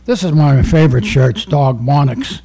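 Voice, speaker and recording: A former undercover narcotics officer turned poet, giving a rambling, profane poetry reading full of stories. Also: male voice, on the high side, brisk, gravelly, mellow, breathy edge. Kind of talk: live poetry reading with storytelling.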